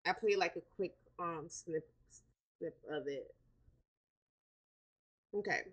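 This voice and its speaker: A woman hosting a casual live stream, chatting in a relaxed way, repeating words and filling pauses with "um". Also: fairly low pitch. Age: adult with a daughter. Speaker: livestream host.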